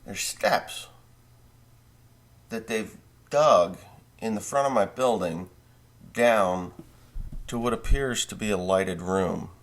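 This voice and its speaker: A farmer vlogger telling a long, rambling dream story in a casual way, full of profanity and self-corrections. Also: male voice, on the low side, slow pace, pauses often.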